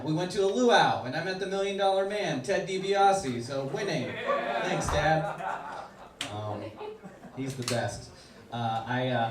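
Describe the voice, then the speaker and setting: A man from Washington DC doing a stand-up comedy set, telling animated stories and acting out little voices. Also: fairly high pitch. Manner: animated storytelling with acted-out voices. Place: comedy club stage before a laughing audience. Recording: echoey room, loud background noise, from far off.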